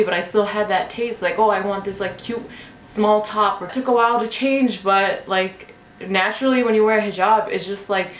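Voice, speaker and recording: A woman's voice: mid-range voice, a bit bright. Chatty young woman vlogging in an echoey bedroom. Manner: chatty, frequent "like" and "you know", talks straight to viewers. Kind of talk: casual personal storytelling. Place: bedroom at home.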